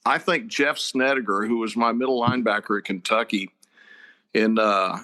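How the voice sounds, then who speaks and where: An older man, a head football coach, telling stories in a casual chat, with a lively, laughing manner. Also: lowish voice, normal speed. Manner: animated, laughing storyteller.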